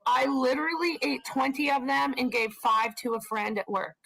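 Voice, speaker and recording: A woman co-hosting a live stream, telling frank, animated personal stories and swearing for emphasis. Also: high voice, moderate pace, creaky, low-quality recording. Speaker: co-host of a live stream channel. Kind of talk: casual storytelling on a live stream.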